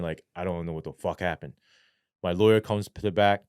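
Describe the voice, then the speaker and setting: A former police sergeant, a man, telling his story as an interview guest in animated, profane street slang. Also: sits low, brisk, clear, resonant tone, no room sound, clean studio sound.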